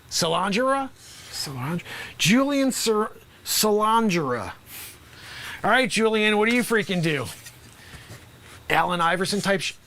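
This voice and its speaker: Man doing an improv bit as a loud, bossy small-town basketball coach; high, bright voice, lots of asides. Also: exaggerated voice. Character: brash male high school basketball coach. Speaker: improv comedian host. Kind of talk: improv comedy sketch.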